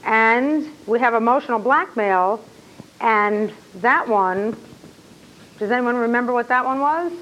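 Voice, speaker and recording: A woman teaching a classroom lecture, animated and excitable, full of rhetorical questions to her students. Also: on the high side, measured pace, muffled recording, slight background noise.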